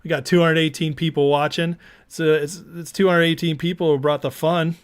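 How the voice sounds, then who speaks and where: A man hosts an easygoing livestream in a smooth, fairly high voice that barely shifts in pitch, speaking fairly quickly. He chats loosely, reads viewer comments out loud and laughs along.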